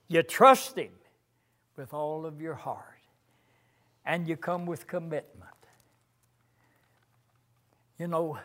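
An older man preaching a sermon in a slow, earnest way, reciting hymn lines with rising emphasis. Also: on the high side.

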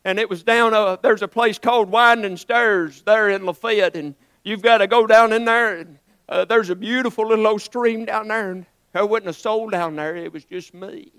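A man's voice: sits high, fairly even intonation, normal speed, fairly bright tone, smooth, no echo. A man preaching a sermon in a folksy, earnest way, rising to emphatic swells.

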